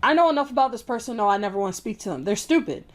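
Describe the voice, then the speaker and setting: A woman with a high voice rants to her camera. She is blunt, heated and full of swearing. She repeats other people's phrases back with open scorn. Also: expressive, rapid-fire. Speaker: vlogger. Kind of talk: casual opinion rant to camera.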